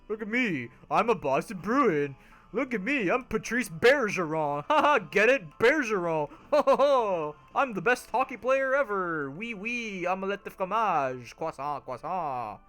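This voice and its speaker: A woman's voice: medium pitch, big pitch swings, unhurried, a bit bright, soft background music, voice pushed up. A woman putting on a boastful, goofy male hockey-fan voice in a mocking, playful tone.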